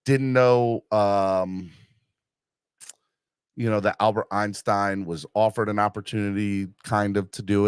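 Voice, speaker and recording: A man's voice: medium pitch, no room sound, clean studio sound. A middle-aged man hosting a podcast, chatting casually and rambling with fillers and restarts while reading live comments. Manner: rambling, self-deprecating, many fillers and restarts. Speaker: podcast host.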